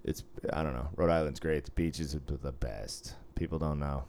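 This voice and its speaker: Guy on a podcast, super low voice, clean clear sound, swears a lot and jokes around. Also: steady tone, normal speed, darkish tone. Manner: profane, joking, puts on voices in quotes. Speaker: podcast co-host. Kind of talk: casual chat.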